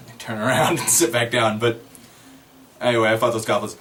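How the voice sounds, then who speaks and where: A man's voice: mid-range voice, quick pace, slight background noise. A man casually recounting a tabletop game session, rambling and chuckling as he tells it. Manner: rambling, chuckling, animated retelling. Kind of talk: casual storytelling.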